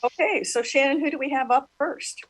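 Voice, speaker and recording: A woman's voice: high voice, normal speed, dry recording, rough recording. A woman chairing a county board meeting in a polite, accommodating way.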